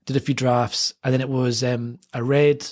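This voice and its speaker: A man's voice: medium pitch, moderate pace. A man in his thirties, an author telling stories in a casual interview, rambling and correcting himself as he goes. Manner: rambling, self-correcting, animated anecdotes. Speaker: author, podcast guest.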